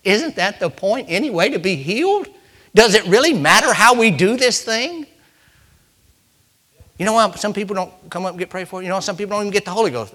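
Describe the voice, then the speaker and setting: A man preaching a sermon, swinging from loud, urgent preaching down to hushed, near-whispered asides as he reads and retells scripture. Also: high voice.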